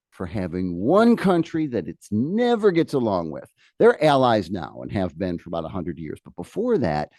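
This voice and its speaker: A man teaching a history class, lecturing in a lively way with joking asides to his students in a classroom. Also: on the low side, no room sound, studio quality.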